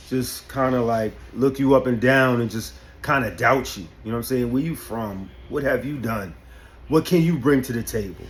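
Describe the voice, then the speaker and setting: A man's voice: mid-range voice, slight background noise. A man from Albany giving an unscripted motivational talk, emphatic, often asking "you know what I'm saying". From Albany, New York. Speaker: barber and vlogger.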